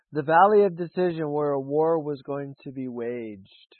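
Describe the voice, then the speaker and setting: Slow, deliberate male preacher. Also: on the high side, no room sound. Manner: slow, deliberate delivery with long pauses. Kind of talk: sermon with spoken affirmations. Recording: dry, phone-like narrow sound.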